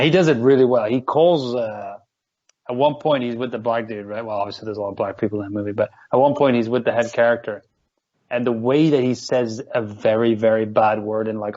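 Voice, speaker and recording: A man's voice: mid-range voice, a little mellow. A man talks in a loose, rambling way, swearing freely and gushing as he goes. His voice sits in the middle range. The recording sounds dull and lo-fi. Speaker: podcast co-host. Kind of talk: casual chat.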